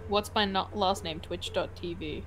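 A young woman chatting on a call with a friend during a game stream, joking and excitable. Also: on the low side, normal speed, noisy background. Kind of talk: casual chat on a call.

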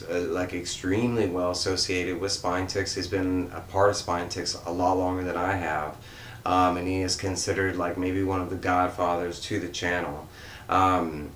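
A man hosting a comics channel, giving an earnest, rambling vlog shoutout with lots of fillers and restarts. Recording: roomy echo with faint rumble.

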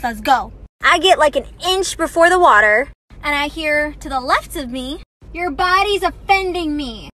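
A woman's voice: high-pitched, a little hiss or hum. A woman in her twenties telling a story as a heated, profane rant. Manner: heated, profane, loud outbursts.

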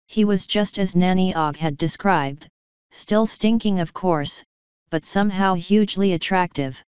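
A woman with a low, very smooth voice reads a fantasy novel aloud in steady, expressive storytelling. The sound is dry and a little dull, with no room around it. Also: no room sound. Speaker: audiobook reader. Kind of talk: audiobook narration.

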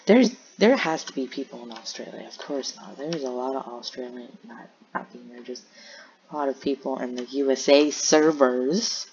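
Gravelly gamer rambling to themself while picking a server, mid pitch, dull lo-fi mic with a little hiss. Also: moderate pace, a little mellow. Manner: rambling, muttering to self while browsing servers. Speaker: gameplay commentator. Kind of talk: casual gameplay commentary. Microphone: home headset or desk mic.

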